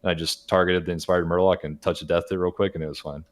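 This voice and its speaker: A man co-hosting a gaming podcast, telling stories in a rapid, matter-of-fact way. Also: low voice, level tone. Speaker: podcast co-host. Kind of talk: casual gaming chat.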